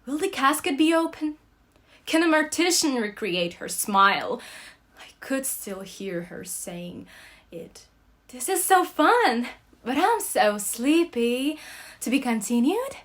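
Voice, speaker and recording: A young Russian woman, a student whose first language is Russian, gives an unhurried, dramatic reading of a novel. Her mid-pitched voice is highly expressive, swinging from soft whispers to loud outbursts.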